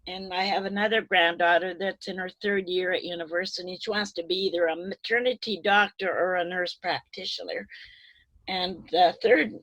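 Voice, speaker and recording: An eighty-year-old retired nurse speaking on a video call, tearful and halting, repeating her words as she rambles. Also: fairly low pitch, steady tone, a bit bright, no echo, poor audio. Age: 80s. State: tearful, voice breaking. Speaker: retired nurse, webinar attendee. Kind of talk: emotional open-floor remarks on a video call.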